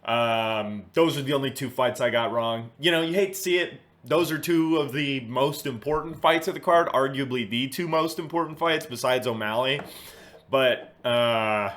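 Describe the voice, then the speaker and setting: A man's voice: medium pitch, moderate pace, fairly bright tone. Casual, profane man previewing fights. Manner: casual and profane, thinking aloud. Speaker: host. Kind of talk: casual commentary.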